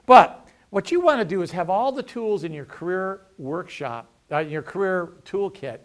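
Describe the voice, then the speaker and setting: Energetic man with lively pitch. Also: moderate pace. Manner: energetic, lively, acts out dialogues; punchy motivational sayings. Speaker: veterans' employment representative. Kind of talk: career workshop talk.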